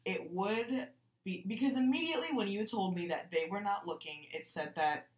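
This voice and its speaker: A woman co-hosting a casual true-crime podcast, thinking out loud with many fillers, recorded in a bathroom. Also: mid-range voice, normal speed. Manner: musing, lots of "like" fillers. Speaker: podcast co-host. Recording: echoey bathroom.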